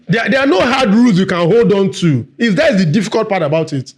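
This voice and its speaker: A man giving a lively workplace training talk, talking fast and quizzing the room. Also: high-pitched. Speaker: workshop facilitator.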